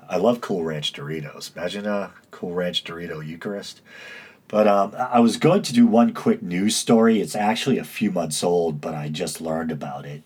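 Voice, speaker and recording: A podcast host with a low, husky voice, a stuffy nose, and an East Coast American accent talks through a casual solo episode. His delivery drones along dry, filled with uhs and self-mocking asides.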